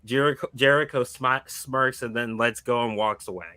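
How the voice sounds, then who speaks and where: A podcast co-host casually recaps a fantasy wrestling booking, rambling through the storyline with plenty of fillers and restarts. His mid-range voice is bright, forceful and clean, with fairly even intonation and a moderate pace.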